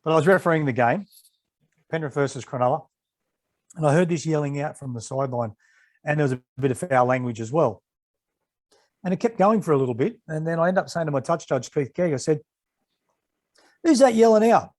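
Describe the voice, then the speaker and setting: Australian man, 60s, fairly high voice, lively storyteller, former referee. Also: fast, long pauses. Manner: animated anecdotes, acting out quoted exchanges. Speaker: retired rugby league referee, podcast guest. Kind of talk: casual storytelling interview.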